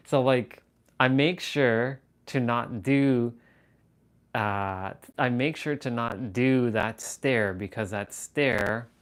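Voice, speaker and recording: A man hosting a casual livestream, talking to his viewers in a rambling, self-amused way, sometimes slowing into a hushed, intense delivery, into a camera on a tripod at eye level. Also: mid-range voice. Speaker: livestream host.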